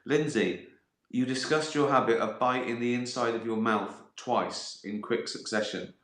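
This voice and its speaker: A man's voice: mid-range voice, normal speed, a bit bright. A middle-aged man hosting a casual live stream, reading viewer questions and swearing often, breaking into laughter and acting out little voices. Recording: echoey room.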